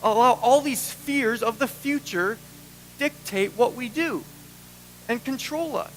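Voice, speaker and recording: A man preaching a sermon as pastor, animated and acting out the voices he quotes. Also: very high voice, measured pace, slight background noise, poor audio.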